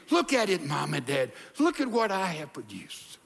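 An older man, a pastor, preaching an animated sermon in a church and acting out voices, with hushed asides. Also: on the high side, normal speed, creaky, hardly any pauses, breathy edge. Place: church sanctuary. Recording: long hall reverb.

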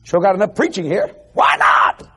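Animated laughing preacher man. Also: high voice, normal speed, breathy edge. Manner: animated, laughing, shouting asides to the crowd. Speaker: television preacher. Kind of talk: lively evangelical sermon. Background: faint congregation crowd.

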